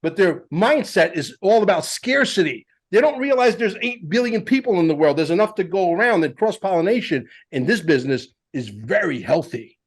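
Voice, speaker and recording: A man hosting a podcast, telling stories in an animated, blunt and emphatic way. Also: high voice, normal speed, few pauses, husky. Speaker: podcast host. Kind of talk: casual podcast chat.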